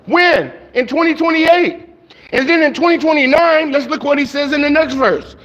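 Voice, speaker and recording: A man preaching a sermon to a congregation, emphatic and excitable, his voice swinging up when he drives a point home. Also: very high voice, normal speed. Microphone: handheld microphone.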